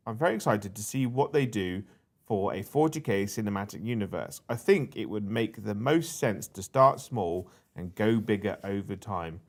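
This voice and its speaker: A man's voice: fairly low pitch, animated, normal speed. A man from England co-hosting a casual livestream, reading super chats aloud in a jokey, playful way. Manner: jokey, playful, tries silly accents.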